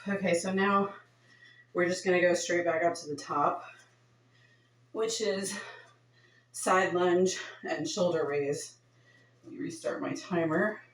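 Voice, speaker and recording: A woman's voice: fairly low pitch, steady tone, takes it slowly, pauses often, slight background noise. A woman leading a home workout, counting reps aloud in a chatty, offhand way and sounding winded. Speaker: fitness instructor. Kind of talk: casual workout instruction. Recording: echoey room from far off.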